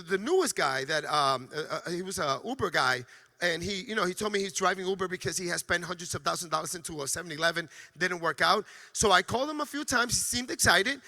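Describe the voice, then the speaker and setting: Bright, gravelly-voiced man giving a pep talk. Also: sits high. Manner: energetic and emphatic, with frequent stammered restarts. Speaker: sales trainer speaking to a team. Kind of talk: motivational corporate training talk.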